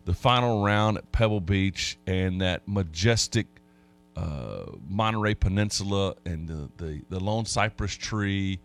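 With a low-pitched voice and measured pace, this man hosts a casual sports radio show. His storytelling is folksy and rambling, full of restarts.

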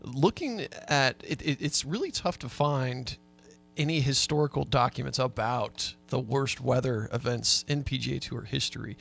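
A man's voice: medium pitch, normal speed, creaky, a bit bright, soft background music. A man co-hosting a sports talk radio show, easygoing, sharing researched facts with hesitant fillers. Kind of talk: casual sports radio chat.

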